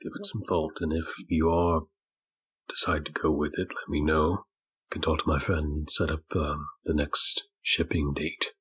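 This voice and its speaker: A man's voice: rumbling low, little pitch movement, normal speed, a bit bright, breathy edge, full character voice. A man voicing a friendly, easygoing male tavern keeper.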